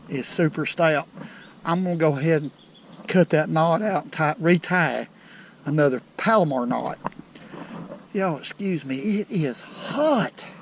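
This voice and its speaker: A man with a Southern US accent hosting a fishing vlog from a lake bank, folksy and excitable as he talks straight to viewers. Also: a little high. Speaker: fishing channel host. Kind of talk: outdoor fishing vlog commentary. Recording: outdoor noise behind voice.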